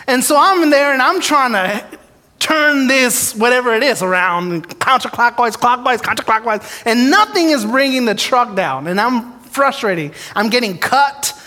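A man's voice: very high-pitched, expressive, moderate pace, sharp tone. A man preaching a storytelling sermon, who acts out his prayers and the dialogue in his stories. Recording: long hall reverb.

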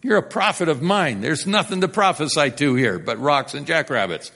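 A man preaching a sermon, telling the story with big swings from loud and emphatic to hushed. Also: on the high side, expressive, moderate pace, gravelly.

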